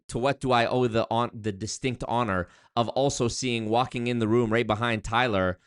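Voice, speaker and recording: Hosting a live-stream commentary show, this man reads chat aloud at a normal pace in a clear, resonant tone. He's animated and jokey, with big pitch swings as he gives hype shout-outs to viewers.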